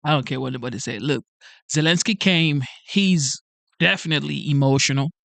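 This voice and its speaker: A man reacts to a clip in a loose, excitable commentary style, breaking into exclamations as he talks. His voice sits a little high. The sound is dry and close to the mic. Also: a little fast, creaky, no echo.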